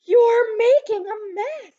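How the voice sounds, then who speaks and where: A stern storybook mother barks loud, sharp orders at her daughter, as a woman reads her part. The voice swoops up and down with lively pitch, and the recording sounds dull and lo-fi. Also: slow, exaggerated voice. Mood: scolding.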